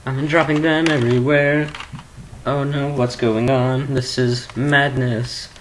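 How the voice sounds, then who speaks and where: A man rambling goofily in a webcam vlog at home at his computer, jumping between low mumbling and sudden squeals. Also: fairly even intonation, a little slow, a little hiss or hum, low-quality recording. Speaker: vlogger.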